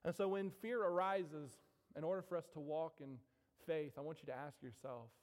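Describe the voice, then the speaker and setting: A man's voice: a little high, moderate pace. A male pastor preaching a sermon, emphatic and repetitive, calling out to the congregation again and again. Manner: emphatic, repeats key questions, calls out to the congregation. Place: church sanctuary. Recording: long reverb of a church hall.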